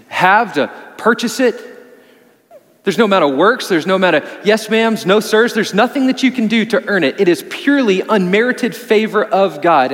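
A man preaching a sermon as pastor, pressing his points hard and then dropping low and soft for emphasis. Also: big-room sound. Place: church sanctuary.

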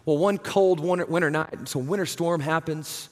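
Man, pastor, conversational sermon, fairly high voice, long church reverb. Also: normal speed. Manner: conversational, earnest, says "right?" and "man" often. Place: church sanctuary.

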